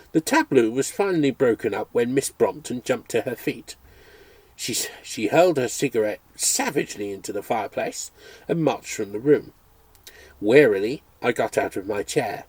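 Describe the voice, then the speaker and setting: A man reading a memoir aloud as a storyteller, expressive and engaged. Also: mid-range voice, slightly rough, no echo. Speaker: audiobook reader.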